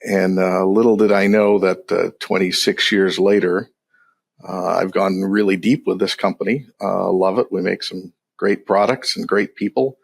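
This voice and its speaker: A man from West Michigan, a trade compliance guest, talking casually and hesitantly with many pauses. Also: low voice, vocal fry, husky. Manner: relaxed, hesitant with many uhs. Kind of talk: casual chat.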